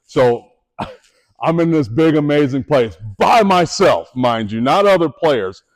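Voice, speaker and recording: A man's voice: a little high, slow pace. A middle-aged man giving a motivational talk to students, telling his story with animation and asking the audience direct questions. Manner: animated storytelling, voices the people in his stories. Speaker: motivational speaker.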